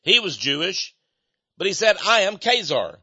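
An older man with a high, bright voice talks in a folksy, rambling way and chuckles between his points. The recording is dull and lo-fi, with a dry sound and no room echo. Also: sing-song, normal speed, breathy edge. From United States. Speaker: speaker. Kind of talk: opinionated monologue.

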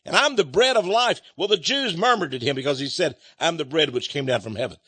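Man, preacher, high voice, dry close sound, emphatic sermon, rhetorical questions, chuckles between points. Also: expressive, a little fast, sharp tone, husky, no room sound. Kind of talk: sermon reading and explaining scripture.

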